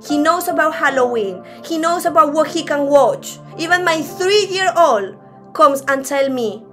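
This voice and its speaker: A woman's voice: high-pitched, expressive, measured pace, a bit bright, soft background music. A woman preaching a sermon at a church service in a conversational way, often restarting her sentences.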